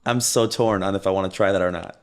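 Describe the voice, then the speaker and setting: A man's voice: low-pitched, steady tone, fast, smooth. Emphatic man co-hosting a chat show. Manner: emphatic, reads out news headlines. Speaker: podcast co-host. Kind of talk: casual chat.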